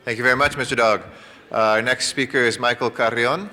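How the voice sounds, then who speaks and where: A man chairing a city council meeting, calling speakers in a brisk, procedural tone. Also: mid-range voice, fairly even intonation, pushed and bright, big-room sound.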